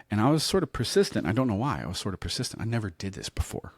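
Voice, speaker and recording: A comedian with a very low, deep voice tells a story casually and with plenty of self-mockery, often checking in with his listeners. The sound is close and dry, with no room echo. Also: racing. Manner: animated, self-mocking, keeps checking in with "right?". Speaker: comedian and podcast host.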